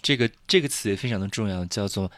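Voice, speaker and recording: A man's voice: on the low side, quick pace, fairly bright tone, slight background noise. A man hosting an English lesson podcast, chatty and casual, explaining vocabulary with lots of repetition. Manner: chatty, repeats himself, laughs at jokes. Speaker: English teacher, podcast host.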